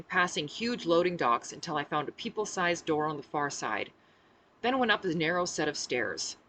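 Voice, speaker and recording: A woman's voice: on the low side, a bit bright, a little hiss or hum, low-quality recording. A woman reading her own novel aloud in the first person, voicing the dialogue expressively. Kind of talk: audiobook-style first-person narration.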